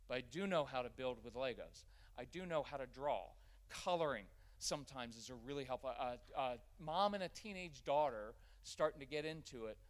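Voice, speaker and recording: Animated man giving a parenting workshop. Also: fairly high pitch. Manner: animated, acts out quoted parents and kids. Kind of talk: live workshop talk to an audience. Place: church.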